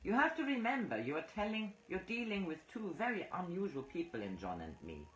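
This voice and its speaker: A woman's voice: lowish voice, sing-song, a little fast, roomy sound, pitched above the performer's own voice, poor audio. A woman voicing an outspoken, emotional female psychic medium who talks heatedly and defensively.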